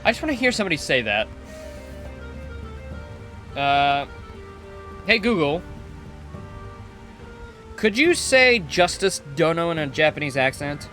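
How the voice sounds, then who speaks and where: A young man commentates a game stream, his pitch leaping between goofy highs and mock-serious lows. He jokes and swears freely, sitting a touch high for a man. Game music plays steadily behind him. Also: unhurried, long pauses. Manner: loud, excitable, joking, swears. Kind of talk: game playthrough commentary, reading dialogue aloud.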